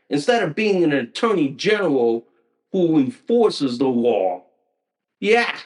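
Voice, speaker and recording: A male podcast host vents about politics in a combative, profanity-laced monologue. He circles back on the same phrases again and again, and his voice leaps between high and low with great animation. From Connecticut. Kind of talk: ranting political commentary.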